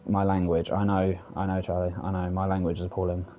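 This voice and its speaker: Deep-voiced British man chatting while gaming. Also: completely flat delivery, fast talker, phone-quality sound, faint music behind. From United Kingdom. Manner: chatty, self-deprecating, rambling with frequent fillers. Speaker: streamer. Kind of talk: casual gameplay commentary. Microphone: desk microphone for streaming.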